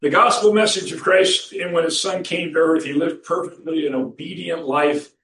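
A man's voice: a little high, fairly even intonation, moderate pace, a bit bright. A man preaching a sermon as pastor, folksy and storytelling, who chuckles at his own anecdotes. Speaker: pastor and counselor. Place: church sanctuary. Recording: roomy church recording from a distance.

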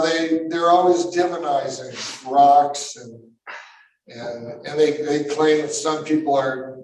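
A man preaching a sermon to a live audience, emphatic and bursting into shouts, with musing asides. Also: medium pitch. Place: large room with a live audience. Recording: echoey hall, mic far off.

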